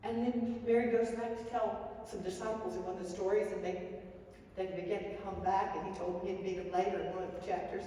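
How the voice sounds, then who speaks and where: A woman's voice: mid-range voice, fairly even intonation, fairly quick, mellow, slight background noise. A woman pastor giving a sermon in an earnest, rambling storytelling way, with restarts. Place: church sanctuary. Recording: echoey church hall mic from far off.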